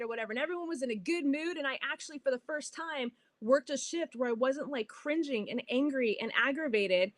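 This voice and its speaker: A bubbly, middle-aged woman hosting a podcast, telling a personal story in a casual, animated way. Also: high voice, a little fast, hardly any pauses, dry recording. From California. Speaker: podcast host.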